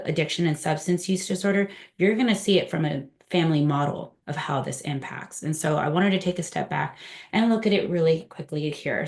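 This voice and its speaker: Low-voiced woman leading a training. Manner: conversational, asks the room questions. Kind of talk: training presentation. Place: training room.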